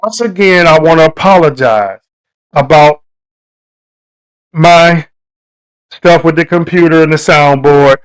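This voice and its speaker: Brief: male live stream host, higher-pitched voice, loose and preachy. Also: a little slow, long pauses, clean tone, low-quality recording. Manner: loose, repetitive, preachy delivery addressing viewers. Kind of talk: casual live stream talk.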